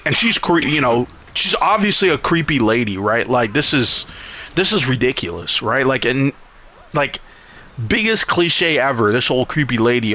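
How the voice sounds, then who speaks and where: Male streamer, bright edgy tone, profane rambling recap, mid pitch. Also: lively intonation, moderate pace. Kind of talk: casual recap while gaming.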